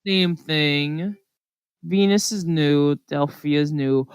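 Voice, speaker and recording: Co-host, casual podcast chat, smooth clear voice, dry close sound, rambly with lots of "like" and "um". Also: medium pitch, drawn-out words, no room sound. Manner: rambling, filler-heavy storytelling.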